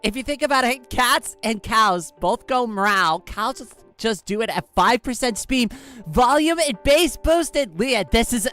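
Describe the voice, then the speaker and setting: A woman's voice: on the high side, animated, unhurried, fairly bright tone, faint music behind. A woman streamer chatting casually with her viewers, giggly and playful, often laughing at herself. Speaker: live streamer.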